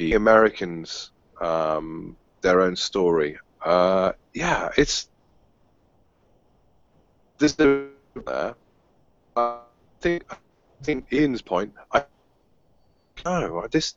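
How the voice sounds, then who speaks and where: A man moderating a panel discussion over a remote call line, talking haltingly with many restarts. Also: mid-range voice. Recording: muffled lo-fi audio.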